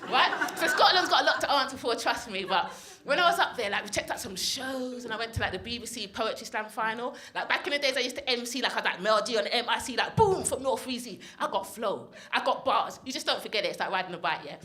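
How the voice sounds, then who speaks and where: A woman with a London accent doing a stand-up comedy set. She is playful and chatty, keeps checking in with the crowd, and has a slightly husky voice. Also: on the high side, expressive, fast, hardly any pauses, pushed and bright. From North West London. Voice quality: husky from smoking.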